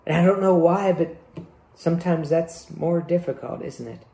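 Male pastor, conversational sermon delivery; gravelly tone, roomy church-hall sound. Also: fairly high pitch, normal speed, mellow. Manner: conversational preaching with rhetorical questions. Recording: echoey room.

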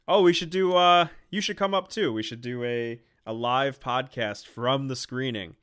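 A man's voice: mid-range voice, moderate pace, a bit bright, clean tone. A young man co-hosts a casual film podcast in an easy, mid-range voice. He talks in a joking, teasing way, full of sarcastic jabs at his co-host.

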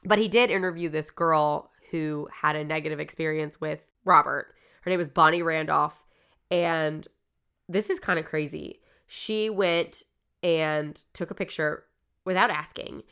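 Smooth, low-pitched woman podcaster. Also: steady tone, unhurried, fairly bright tone. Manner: loose, profane, lots of "like". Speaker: podcast host. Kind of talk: casual chat, retelling a story.

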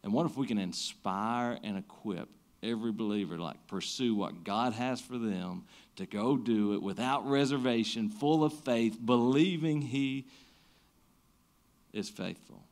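A man's voice: medium pitch, unhurried, a little mellow. Pastor, male, casual sermon with stumbling restarts and surging intensity. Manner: conversational preaching, frequent restarts, rises and drops in energy.

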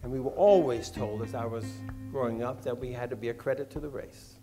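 Older man telling his story slowly. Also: medium pitch, over music. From Washington, D.C., USA. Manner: measured, reflective storytelling. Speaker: interviewee recalling his past. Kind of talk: personal recollection.

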